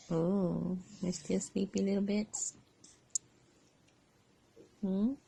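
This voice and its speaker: A woman as a mother talking to her baby in gentle, sing-song baby talk at home. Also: mid-range voice, flat delivery, extremely slow, creaky, breathy edge.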